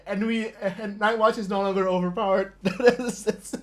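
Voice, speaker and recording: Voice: medium pitch, fairly even intonation, normal speed. A stream host commentating a tabletop wargame live, laughing constantly and swearing in disbelief at the dice rolls.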